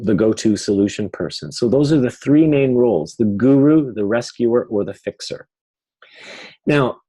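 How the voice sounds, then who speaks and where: Male webinar teacher, mid-pitched, explanatory, mimics client pleas. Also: warm tone, husky, rough recording. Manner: explanatory, acts out clients' pleas in quoted voices.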